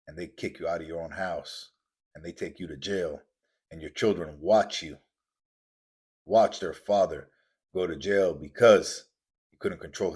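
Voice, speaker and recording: A man's voice: deep voice, a little mellow, husky. A man hosting a podcast, delivering an intense, preachy motivational monologue with lots of repetition. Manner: intense, preachy, repetitive, acts out quoted voices. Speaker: podcast host.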